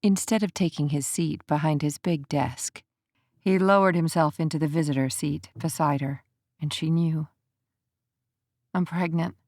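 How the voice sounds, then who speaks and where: Lady reading an audiobook, lowish voice, even and measured, dry studio sound. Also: no room sound. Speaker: audiobook narrator. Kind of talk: scripted audiobook narration.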